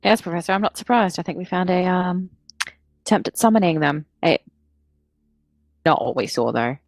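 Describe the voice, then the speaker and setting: A woman playing a tabletop game, playful and quick to laugh. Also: lowish voice, lively intonation, dry recording. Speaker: player.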